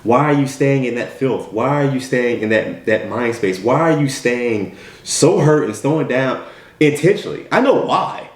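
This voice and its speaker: A man's voice: medium pitch, expressive, normal speed. A man giving an emphatic motivational talk, full of repeated rhetorical questions. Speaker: motivational speaker. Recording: echoey room.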